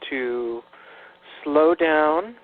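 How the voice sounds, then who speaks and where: A man's voice: fairly high pitch, drawn-out words. Earnest male guest on a tinny phone line. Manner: earnest, hesitant, with many fillers and restarts. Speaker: guest minister. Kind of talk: radio interview conversation.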